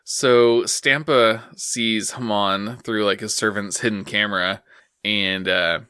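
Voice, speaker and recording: Laid-back man with a bright, dry voice. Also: fairly low pitch, fairly even intonation, takes it slowly, clean tone, dry recording. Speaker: podcast co-host. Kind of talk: casual chat recapping an anime episode.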